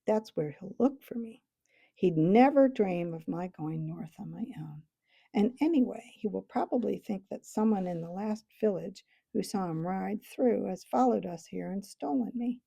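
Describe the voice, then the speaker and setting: A woman's voice: medium pitch, vocal fry, mellow, slightly rough, full character voice. A woman voicing a proud, bossy talking male warhorse in a storybook reading, lecturing in a haughty manner.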